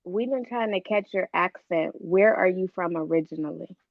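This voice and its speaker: Gravelly-voiced woman on a dull call. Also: lowish voice, normal speed, no echo. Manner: lively, teasing, laughs often. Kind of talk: casual group chat. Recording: dull dry video call audio.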